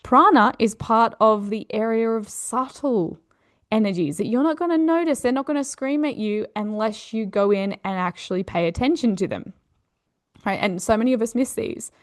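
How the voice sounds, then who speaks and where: A woman's voice: on the high side, moderate pace. A woman with an Australian accent, a yoga teacher explaining ideas in an earnest teaching talk, often checking in with "you know" and "okay".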